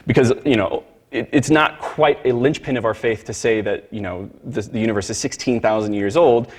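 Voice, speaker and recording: Emphatic man teaching Sunday school. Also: fairly low pitch. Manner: emphatic, repeats words and restarts, addresses the class directly. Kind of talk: church Sunday school lecture. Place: church classroom.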